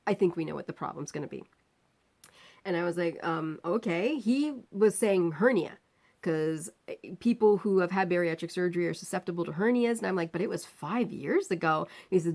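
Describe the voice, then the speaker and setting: A woman vlogger telling a personal story in a casual, animated way, acting out the quoted voices and laughing now and then. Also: medium pitch, brisk.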